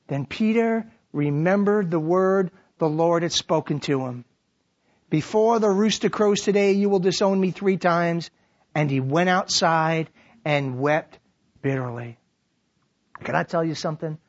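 A man preaching a sermon, animated, acting out quoted lines and dropping to a hushed tone to reflect. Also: sits high. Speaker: pastor. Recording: dull lo-fi sermon recording.

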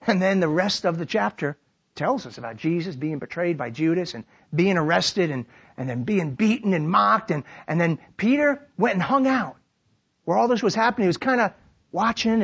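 A man preaching a sermon, animated, acting out quoted lines and dropping to a hushed tone to reflect. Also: high-pitched, moderate pace, breathy edge. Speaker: pastor. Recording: dull lo-fi sermon recording.

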